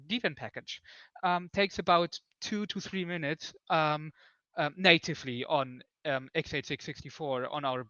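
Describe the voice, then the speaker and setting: A man with a fairly high voice talks through build servers in a halting way, full of "um"s and restarts. His voice sounds dry, with no room around it, and the call audio is dull and lo-fi. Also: bright, forceful tone, no room sound. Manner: hesitant, many fillers and restarts. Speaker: developer on a conference call. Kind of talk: technical discussion.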